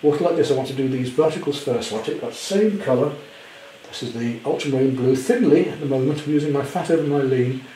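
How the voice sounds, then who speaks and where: A man demonstrating a painting at home, chatty with gentle self-deprecating humour. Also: medium pitch, fast talker, roomy sound, slight background noise, poor audio. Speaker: art teacher. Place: indoor studio at home.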